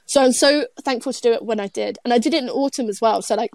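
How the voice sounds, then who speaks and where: A woman's voice: a little high, quick pace, hardly any pauses, a little mellow, dry recording. A woman, chatting casually as a guest, giggly and rambling with lots of restarts. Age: 20s. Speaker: guest, traveler. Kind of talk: casual chat.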